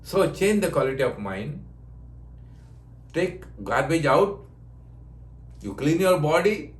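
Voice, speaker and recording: A man's voice: a little high, sing-song, slow pace, echoey room. An older man, a yoga teacher, giving a spiritual talk in short, repeated phrases of broken English, often laughing. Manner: non-native English with broken grammar. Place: ashram.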